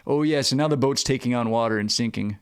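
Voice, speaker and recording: A man's voice: medium pitch, quick pace, clear, resonant tone. A man co-hosting a podcast, recapping a movie in casual chat with a laid-back, chuckling manner and short acted quotes. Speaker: podcast co-host.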